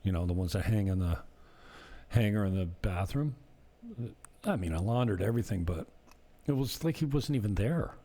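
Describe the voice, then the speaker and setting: Male vlogger, very low and mellow voice, rambling and casual, chatty property-manager storyteller. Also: lively intonation, moderate pace, long pauses. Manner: rambling, conversational, laughs while telling stories.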